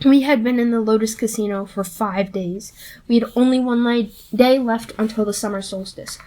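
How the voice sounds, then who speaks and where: A woman reading a novel aloud in steady, plain first-person storytelling. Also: on the high side, moderate pace. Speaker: audiobook reader.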